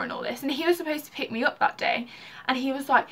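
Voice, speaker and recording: Young woman, casual vlog storyteller, slightly high, bright voice, says "like" a lot. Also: moderate pace, creaky. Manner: chatty, heavy use of "like". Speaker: vlogger.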